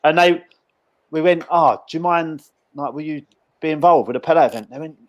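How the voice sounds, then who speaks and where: A man's voice: a little high, brisk. A man, a podcast host telling a long rambling story in casual chat, full of fillers and restarts.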